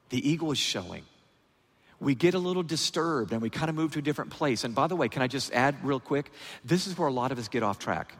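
A man giving a sermon as a guest preacher, in a lively, animated preaching style with a husky voice. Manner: lively, animated preaching with big pitch swings. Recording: reverberant hall sound.

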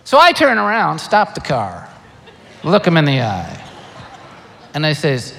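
An older man preaching a sermon, animated and emphatic, firing rhetorical questions. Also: a little high, a little slow, gravelly, pauses often. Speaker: pastor. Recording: long hall reverb.

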